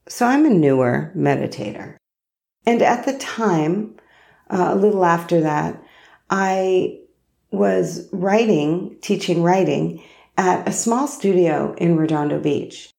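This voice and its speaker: Woman host, solo podcast, mellow and gravelly tone, low register, unhurried storytelling. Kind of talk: reflective solo podcast monologue.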